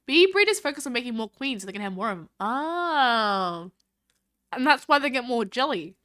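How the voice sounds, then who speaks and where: A woman's voice: fairly high pitch, big pitch swings, moderate pace, bright, forceful tone. A woman chatting casually on a live stream, reading chat aloud and thanking viewers in a bubbly, scattered way.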